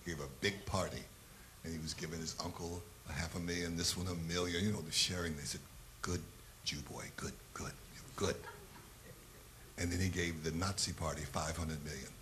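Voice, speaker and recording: A man's voice: sits low, steady tone, fast talker, fairly bright tone, slight background noise. A man doing a stand-up comedy set, telling blunt, profane, provocative stories.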